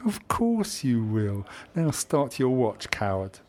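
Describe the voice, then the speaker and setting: A man's voice: medium pitch, normal speed, a little mellow, close to an everyday voice. A man voicing a scornful male Roman soldier who taunts and mocks with open contempt. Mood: contemptuous.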